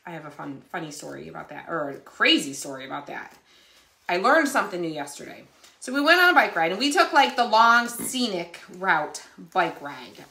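A woman hosting a casual crafting livestream, telling stories in a chatty, animated way. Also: on the low side, vocal fry, reverberant. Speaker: craft channel host.

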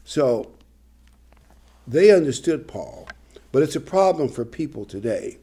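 A man's voice: mid-range voice, very animated, measured pace, mellow, husky. An older man preaching a sermon, reading scripture and adding conversational, humorous asides. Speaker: pastor.

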